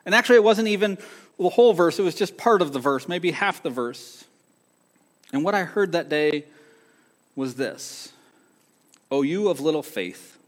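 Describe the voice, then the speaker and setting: Guy preaching his own story, earnest, goes quiet then punchy, slightly high voice, big hall echo. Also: animated, normal speed, long pauses. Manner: earnest personal storytelling, swinging between soft and emphatic. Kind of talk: sermon testimony. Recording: long hall reverb.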